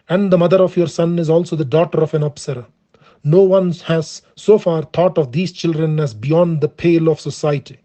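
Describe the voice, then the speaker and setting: Male reader voicing a proud, wronged young woman, kept plain and earnest; slightly high, soft-toned. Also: lightly acted. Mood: scornful. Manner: steady earnest reading in the performer's own voice. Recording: dull lo-fi recording.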